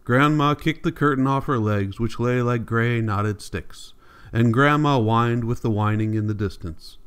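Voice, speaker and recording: Guy narrating an old novel audiobook, steady, measured, medium pitch. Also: clean tone. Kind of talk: scripted narration.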